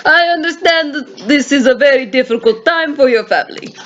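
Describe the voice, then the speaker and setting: A woman voicing a pompous male police chief inspector, speaking slowly and formally in a wobbly put-on foreign accent. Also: high-pitched, fairly bright tone, dull audio, a little hiss or hum.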